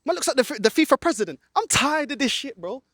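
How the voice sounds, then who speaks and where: A man with an extremely high, very animated voice talks fast with a slightly bright tone, recorded dry at studio quality. He rants angrily in a football fan vlog shot outdoors in a car park, his friend holding the camera, and now and then he slips into Portuguese.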